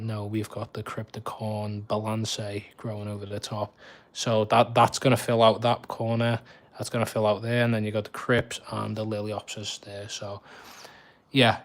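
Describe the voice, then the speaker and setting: A man with a Scouse accent chatting casually on a fishkeeping live stream, laughing often and poking fun at himself. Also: fairly low pitch. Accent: Liverpool (Scouse).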